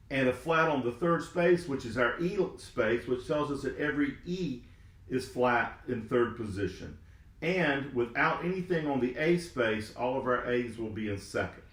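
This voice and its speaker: A man's voice: medium pitch, fairly bright tone, roomy sound. A man giving a trombone lesson, patiently explaining and counting beats and naming notes aloud. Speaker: trombone teacher. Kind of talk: step-by-step music lesson.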